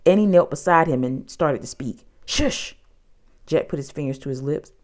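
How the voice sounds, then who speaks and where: A woman narrating a children's storybook in an expressive, dramatic way. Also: low-pitched, brisk.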